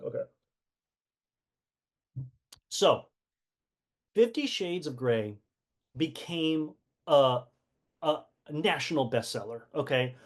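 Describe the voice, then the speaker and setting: With a medium-pitched, somewhat dark voice, the host of a community book session chats casually on a live stream. His talk is full of rhetorical questions, and he often uses fillers and restarts his sentences.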